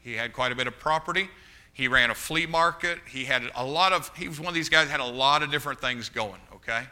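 A man's voice: medium pitch, fast, pushed and bright. A middle-aged man preaching a sermon, telling a personal story with frequent restarts and asides to the congregation.

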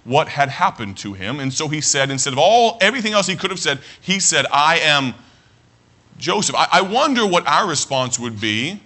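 Very bright-voiced male pastor preaching. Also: a little high, sing-song. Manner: earnest preaching with frequent restarts, slows to read scripture. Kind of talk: sermon.

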